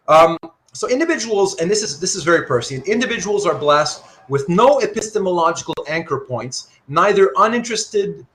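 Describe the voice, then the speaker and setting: A man giving a university philosophy lecture to a class in an animated, conversational way, putting questions to the students. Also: on the high side.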